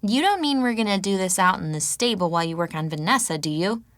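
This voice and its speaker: A woman's voice: medium pitch, lively intonation, quick pace, a bit bright, dry recording, lightly acted. A woman narrator voicing the anxious, reluctant young heroine, who protests in a wary and dry way. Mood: protesting.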